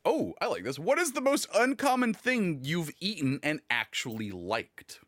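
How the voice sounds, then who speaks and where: A man's voice: on the high side, huge pitch swings, normal speed, a bit bright, no room sound, studio quality. A man hosting a casual podcast chat with friends, rambling and laughing often. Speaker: podcast host.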